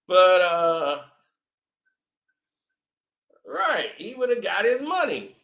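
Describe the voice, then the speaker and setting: A man with a very high, bright voice talks slowly and mockingly as he reacts to a clip. He keeps breaking into laughter, and his voice bounces around an echoey room. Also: sing-song, gravelly. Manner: sarcastic, laughs often between remarks. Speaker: commentator reacting to a video clip.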